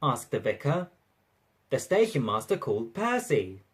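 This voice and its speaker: A narrator reading a railway storybook aloud in an expressive, lively way. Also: mid-range voice, measured pace, husky.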